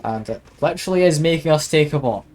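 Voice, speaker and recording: A male streamer talking through a mystery game live, chatty and quick to poke fun at himself. His voice is a little higher than usual for a man, with soft music faint in the background. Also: expressive, low-quality recording. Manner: chatty, self-deprecating asides. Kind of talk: live game playthrough commentary.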